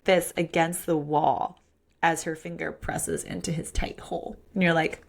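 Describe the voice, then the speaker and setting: This woman's voice is deep and gravelly, and she speaks at a measured pace. As a podcast co-host in a relaxed book discussion, she talks frankly and animatedly about a romance novel and reads its lines in character.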